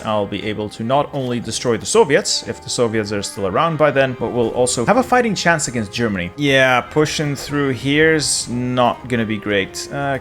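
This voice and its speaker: A man talks through his strategy game in a mid-pitched voice, ranting with exasperated, sarcastic asides. A faint guitar plays behind him. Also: fairly bright tone. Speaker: gaming YouTuber. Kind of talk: gameplay commentary.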